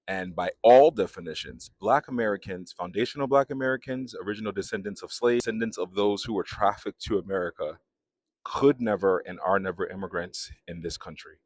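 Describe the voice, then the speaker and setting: A man with a very deep voice delivers reaction commentary. He lectures emphatically, stressing each point. The sound is dry and close. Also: dry recording.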